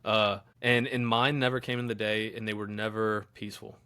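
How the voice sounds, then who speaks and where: A man hosting a podcast in casual conversation, speaking in a halting, reflective way with many pauses and ums. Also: fairly low pitch, level tone, sharp tone, clear, resonant tone. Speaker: podcast host.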